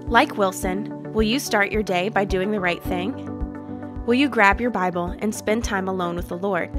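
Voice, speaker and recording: A woman's voice: mid-range voice, over music. Woman reading a kids' devotional. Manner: measured, even reading. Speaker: devotional reader. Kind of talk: scripted devotional narration.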